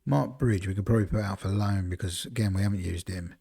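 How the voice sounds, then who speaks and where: Man, lowish voice, casual live-stream chatter, rambling, football manager game, talks to viewers. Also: fast talker, gravelly, warm tone, husky. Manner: rambling, chatty, talks to chat between choices.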